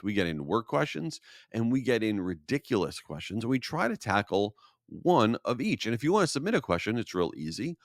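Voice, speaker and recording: Man from New York, podcast host, lowish voice, dry close sound, animated and jokey. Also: no room sound. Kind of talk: casual solo podcast Q&A.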